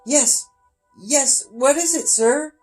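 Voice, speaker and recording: A man voicing a grieving young man, shouting in desperate pleas. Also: very high voice, slow, faint music behind, pitched above the performer's own voice. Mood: anxious. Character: grown man Charlie, frantic and grieving.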